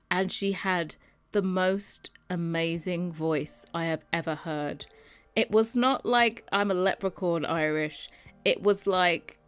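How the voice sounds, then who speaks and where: A tired British woman chatting casually with her live stream, rambling and giggling and muttering to herself while she works. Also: lowish voice. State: tired and yawning. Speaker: Sims custom content creator streaming.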